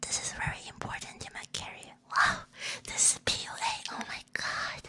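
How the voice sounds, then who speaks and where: Through a binaural 3Dio microphone, a young woman VTuber whispers a giggly, playful role-play, reading prompts and weaving in Chinese and Japanese phrases. Her pace is moderate and her tone bright and forceful.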